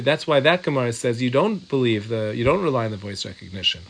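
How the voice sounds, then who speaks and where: A man's voice: mid-range voice, a bit bright. A man teaching a Torah class, reading Hebrew and Aramaic text and explaining it in English through repeated examples. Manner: repetitive, working through examples aloud. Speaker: Talmud teacher.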